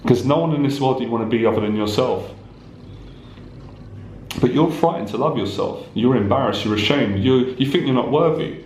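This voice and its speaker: A man's voice: medium pitch, brisk, a little mellow, roomy sound, slight background noise, low-quality recording. Intense, preachy male life coach. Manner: intense, repetitive, preachy, swears. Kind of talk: direct-to-camera motivational talk.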